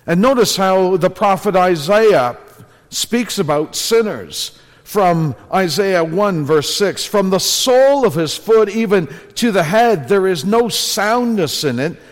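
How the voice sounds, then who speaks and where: A man preaching a sermon in church, earnest and building to emphatic repeated phrases. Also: sits high. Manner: earnest, rising to emphatic repetition. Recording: long reverb of a church hall.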